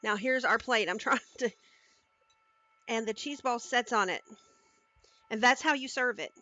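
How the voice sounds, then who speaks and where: A woman's voice: fairly high pitch, measured pace, sharp tone, no echo. A woman cooking on a live stream, chatting casually and talking viewers through each step into a headset mic in her home kitchen.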